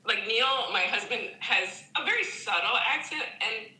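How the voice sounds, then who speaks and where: A woman guest chatting casually on a video call, bubbly and quick to giggle. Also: fairly high pitch, animated, pushed and bright, reverberant, rough recording. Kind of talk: casual chat.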